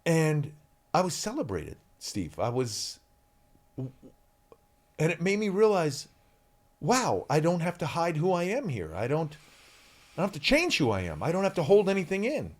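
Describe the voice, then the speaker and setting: A man in his fifties, an actor guest telling stories in a podcast interview, animated and full of ums, acting out shouted quotes. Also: fairly high pitch, measured pace, long pauses.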